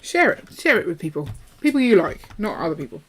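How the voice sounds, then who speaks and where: A woman with a lowish, bright voice talks fast, her pitch swinging widely over slight background noise. Co-hosting a live building stream, she chats playfully while she builds, hopping from topic to topic and reading viewer messages aloud.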